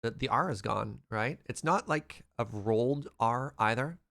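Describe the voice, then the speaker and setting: A young man from Western Canada chatting casually while streaming a game, quick to laugh and reading out chat. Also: medium pitch, animated, vocal fry, fairly bright tone. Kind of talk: casual gameplay livestream chat.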